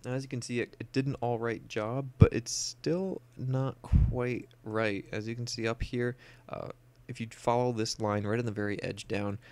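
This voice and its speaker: A man's voice: medium pitch, steady tone, moderate pace, hardly any pauses, darkish tone. A young man talking casually through a photo editing tutorial, explaining each step with plenty of "uh" and "um". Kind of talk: screen-recorded software tutorial.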